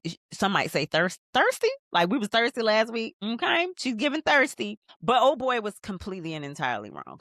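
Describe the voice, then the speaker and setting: Low-voiced woman hosting a casual recap. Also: no echo, clean studio sound. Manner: animated, slangy, retells scenes with voiced quotes. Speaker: podcast host.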